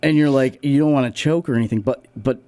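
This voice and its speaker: A man's voice: medium pitch, fast talker, warm tone. A man co-hosting a community radio show, chatting casually and explaining things step by step. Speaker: co-host.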